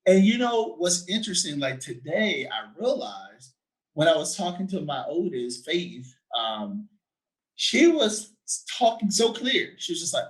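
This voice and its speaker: A man in his thirties talking in an animated, chatty way, laughing and checking in often with his listener. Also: a little high, unhurried, rough recording. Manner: animated, laughing, frequent "right?" tags. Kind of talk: casual conversation.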